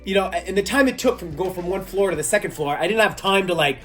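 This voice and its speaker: A man, a magician, telling a story in a casual vlog, animated and laughing as he goes. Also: sits high, fast, faint music behind. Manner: animated, laughs while telling, acts out voices. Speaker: magician and kids' entertainer.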